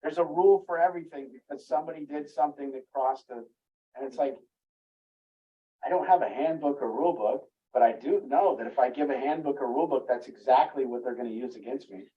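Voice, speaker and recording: A man's voice: medium pitch, brisk. Distant candid man telling a story. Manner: rambling, candid, laughs at himself. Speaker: group speaker. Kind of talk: storytelling in a group talk. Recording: muffled, distant room recording.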